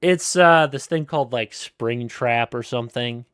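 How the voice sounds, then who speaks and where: A man's voice: mid-range voice, a little slow, a bit bright, clean tone, no echo, clean studio sound. A man co-hosting a casual gaming podcast, rambling with lots of fillers and restarts. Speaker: podcast co-host.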